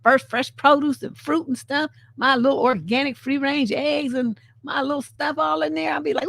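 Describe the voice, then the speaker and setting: Woman, high-pitched, blunt and sassy, cusses freely, dry close sound, live-stream host commentary. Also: normal speed, creaky, few pauses, dry recording. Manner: animated, laughs often. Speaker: relationship coach and show host.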